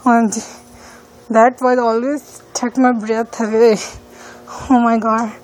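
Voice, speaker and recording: A woman's voice: fairly high pitch, little pitch movement, a little slow, a little mellow, rough recording. A female student speaking English as a second language, talking hesitantly with many fillers while walking outdoors around her neighborhood and filming on a phone. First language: not English. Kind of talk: casual walking-tour vlog.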